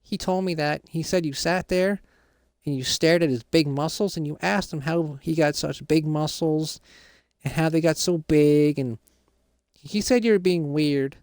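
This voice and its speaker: A man's voice: a little high, unhurried, darkish tone, smooth, no room sound, clean studio sound, pitched above the performer's own voice. A man voicing a bossy teenage son who lectures his father in a Minecraft role-play. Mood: teasing. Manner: lecturing, preachy.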